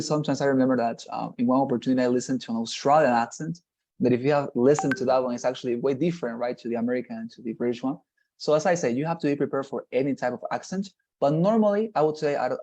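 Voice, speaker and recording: A man with a medium-pitched, darkish voice leads an exam-prep class online by video call. He gives long explanations, checks in with the students often and leans on the words "nonetheless" and "right?".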